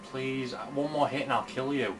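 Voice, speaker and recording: A man's voice: mid-range voice, fairly even intonation, normal speed, over music. Blunt young man commenting on gameplay. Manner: chatty and blunt, swears freely, talks to the game. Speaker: gamer. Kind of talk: casual let's-play commentary. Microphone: camera filming the screen.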